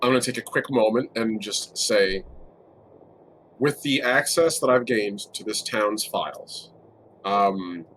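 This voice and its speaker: A man playing a tabletop game, talking in a rambling, animated way. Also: fairly low pitch, a little slow, a little hiss or hum. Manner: animated, rambling, laughs often. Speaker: player. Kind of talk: casual tabletop play.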